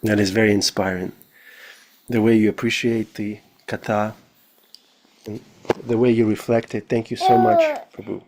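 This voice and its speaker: A man's voice: fairly low pitch, very animated, normal speed, long pauses, a little mellow, a little hiss or hum. A man moderating a devotional class discussion, courteously thanking speakers and calling on the next.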